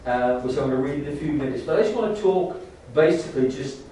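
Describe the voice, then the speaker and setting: A man preaching a sermon in a church, halting with many restarts and rising to fervent emphasis. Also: mid-range voice, dark tone, a little hiss or hum. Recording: echoey church hall, distant mic.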